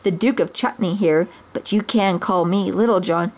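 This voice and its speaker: A woman's voice: mid-range voice, normal speed, darkish tone, close to an everyday voice. A woman voicing a big, bold male bear outlaw who mocks and threatens, in a storybook reading. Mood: mocking.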